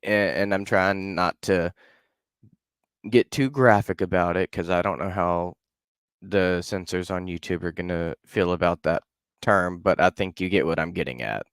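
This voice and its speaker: Deep, smooth-voiced male storyteller. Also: normal speed, dry recording, clean studio sound. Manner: loose and conversational, hedging with fillers. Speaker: podcast storyteller. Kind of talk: casual storytelling.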